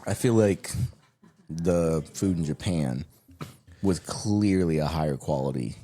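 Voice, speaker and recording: A man's voice: extremely low pitch, slow pace, dark tone. A man co-hosting a casual podcast, joking and laughing a lot. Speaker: podcast co-host. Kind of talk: casual chat.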